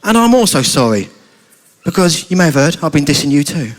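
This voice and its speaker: A British man voicing a frustrated young male egg with a squeaky, fretful voice. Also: big pitch swings, brisk. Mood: sheepish.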